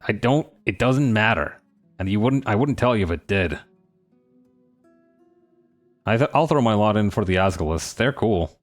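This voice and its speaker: A man's voice: on the low side, animated, normal speed, long pauses, faint music behind, close to an everyday voice. A man putting on a curt, grouchy young noblewoman. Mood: dismissive. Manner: curt and dismissive.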